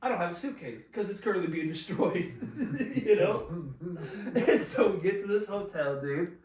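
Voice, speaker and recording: A man's voice: sits high, animated, moderate pace, a little mellow, far from the mic. A man casually telling a long story, laughing often and swearing freely in slangy talk. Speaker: podcast guest telling a story. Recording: echoey room, voice a bit off-mic.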